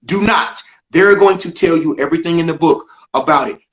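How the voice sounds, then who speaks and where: Brisk and fairly bright, an older male comedian recounts a story as an interview guest on video. His delivery is emphatic, with acted-out dialogue and broad pitch swings, recorded in an echoey space.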